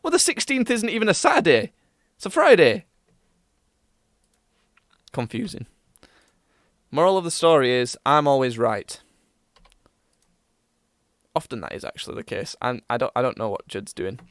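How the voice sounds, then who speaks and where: A man's voice: medium pitch, very animated, moderate pace, pauses often, no echo, studio quality. A young man hosting a podcast, rambling casually with lots of fillers and self-mocking asides. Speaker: podcast host. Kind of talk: casual chat.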